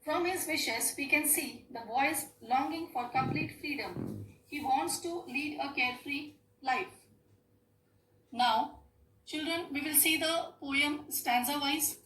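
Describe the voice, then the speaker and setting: A woman's voice: high-pitched, slow, a bit bright. A woman teaching an English lesson to schoolchildren in Indian English, explaining step by step and repeating key points. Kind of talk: classroom lesson. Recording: echoey room with faint hum.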